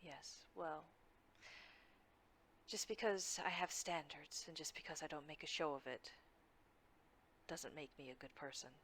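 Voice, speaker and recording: A woman running a tabletop game, narrating and speaking in character with measured, formal phrasing. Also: deep voice, a bit bright, slightly rough. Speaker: game master.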